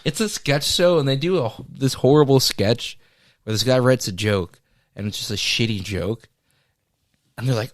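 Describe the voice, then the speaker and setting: A man's voice: mid-range voice, a little fast, no room sound, clean studio sound. A young man co-hosting a podcast, chatting casually and acting out quotes as he tells a story. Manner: animated storyteller, acts out quotes. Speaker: podcast co-host. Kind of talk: casual chat.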